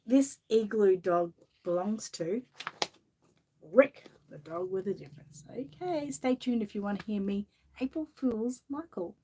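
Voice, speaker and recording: A channel host with an Australian accent and a fairly high, warm, slightly rough voice chats casually and reads a children's picture book aloud. She's giggly and talkative, laughing often.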